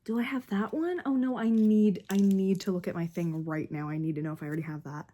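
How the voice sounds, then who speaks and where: A woman's voice: mid-range voice, fast talker, few pauses, warm tone. A young woman vlogging as she unboxes albums, gushing and gasping, swinging between squeals and whispers. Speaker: book and K-pop vlogger. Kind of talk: casual unboxing vlog.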